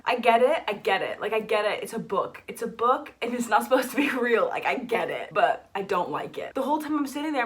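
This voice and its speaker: A young American woman chatting casually about books in a vlog, animated and talkative, ranting with lots of "like" fillers. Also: fairly high pitch. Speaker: book vlogger. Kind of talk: casual book review chat.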